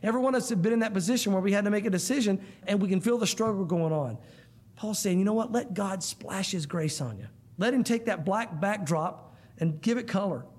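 In a church room, a pastor preaches a sermon to listeners, earnest and emphatic, often addressing them as "guys." His voice is high-pitched and a little mellow, and he speaks briskly.

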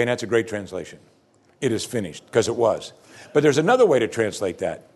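In a mid-range, slightly mellow voice with a breathy edge, a man preaches as pastor. Earnest and emphatic, he repeats key phrases and slips into conversational asides between the scripture readings.

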